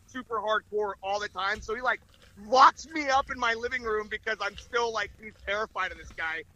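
High bright-voiced man telling crude stories. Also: low-quality recording. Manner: profane, rambling, laughs often. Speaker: guest comedian. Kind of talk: casual podcast storytelling.

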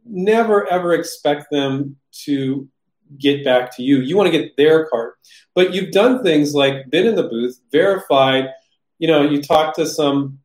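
A man hosting a casual live Q&A on product licensing, talking animatedly and acting out the people he describes in quick voices. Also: on the high side. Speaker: host answering viewer questions. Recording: roomy echo.

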